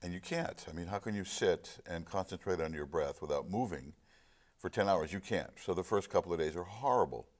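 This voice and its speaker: Very deep-voiced man telling a story. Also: animated, a little fast. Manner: reflective storytelling, earnest. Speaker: film discussion guest. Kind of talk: casual chat.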